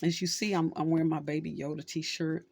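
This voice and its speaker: A woman's voice: sits low, little pitch movement, brisk, gravelly, a little mellow, slightly rough, no echo. A middle-aged woman hosting her channel, talking casually and telling a story with acted quotes. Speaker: social worker and channel host. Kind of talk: casual talk to camera.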